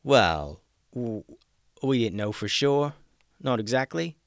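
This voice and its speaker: A man's voice: a little high, steady tone, moderate pace, creaky, fairly bright tone, clean tone, no room sound, studio quality, voice pushed up. A man doing a stammering, sheepish shopkeeper. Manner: stammering, apologetic. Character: nervous, sheepish pet shop owner man. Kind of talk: storybook character voice.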